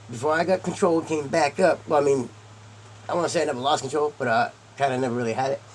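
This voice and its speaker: A man's voice: fairly high pitch, slight background noise. A young man telling a rambling, profane story in a casual chat, swearing often.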